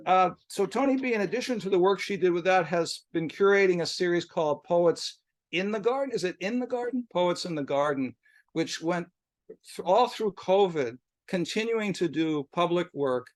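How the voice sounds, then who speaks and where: Higher-voiced man introducing poets. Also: dry recording. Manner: conversational, self-correcting, asides. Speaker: introducer at a poetry reading. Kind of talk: spoken introduction, reading quoted poems aloud. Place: poetry bookshop reading, hybrid video call.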